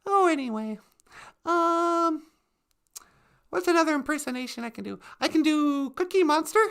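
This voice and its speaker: A woman's voice: sits high, animated, moderate pace, vocal fry, a bit bright. A woman hosting a casual comedic live stream, playful and giggly.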